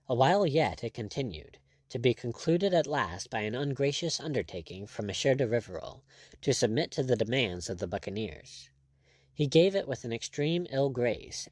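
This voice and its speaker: Male audiobook narrator, measured storyteller, animated pitch, dry booth sound. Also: dry recording. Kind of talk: scripted narration.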